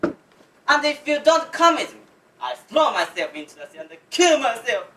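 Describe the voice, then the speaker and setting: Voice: high voice, very animated, normal speed, pushed and bright, full character voice. A student actor playing a lovesick middle-aged male neighbour in an amateur stage play, making overwrought declarations. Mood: pleading. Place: small university theatre stage. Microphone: far-off room mic. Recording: echoey theatre from far off, faint hiss.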